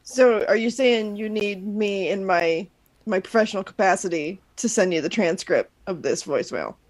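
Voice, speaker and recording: A woman's voice: medium pitch, animated, moderate pace. Woman with a dry, wry manner. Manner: dry, wry, talks about her office work. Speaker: podcast co-host. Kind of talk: casual chat.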